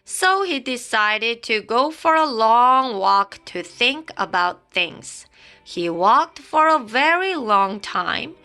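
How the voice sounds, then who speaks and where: A woman's voice: a little high, sing-song, slow pace, sharp tone, clear, resonant tone. A woman reading a children's picture book aloud, dramatic and playful, with sound effects. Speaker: storybook reader. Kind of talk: expressive children's story read-aloud. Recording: faint background music.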